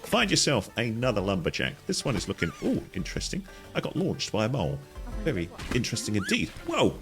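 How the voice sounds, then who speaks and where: Deep-voiced man, lively guide host. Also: a little fast, music in the background. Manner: jokey, talks to characters in silly voices, jumps high in pitch. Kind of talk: playful game walkthrough commentary.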